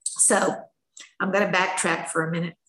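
A woman's voice: lowish voice, little pitch movement, moderate pace, fairly bright tone. An older woman, a retired schoolteacher, telling her life story in a candid, plainspoken, folksy way. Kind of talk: personal storytelling, candid share. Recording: echoey room.

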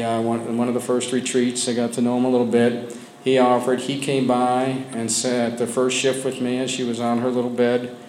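A man sharing his personal story with a support group, speaking candidly and haltingly with frequent restarts, sometimes dropping low and quiet. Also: slight background noise. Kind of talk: personal testimony. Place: meeting room with a group of men. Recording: echoey room with faint ambience.

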